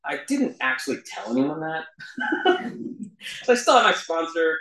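A man's voice: fairly high pitch, very animated, a little slow, bright, forceful tone. A man sharing his recovery story in a self-deprecating way, often laughing at himself. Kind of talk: personal storytelling talk. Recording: roomy echo.

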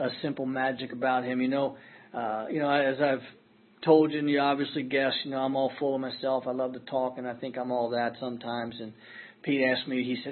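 A middle-aged man speaking at a recovery meeting, telling his own story in an earnest, self-deprecating way. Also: medium pitch. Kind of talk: personal storytelling talk. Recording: tinny phone-like audio.

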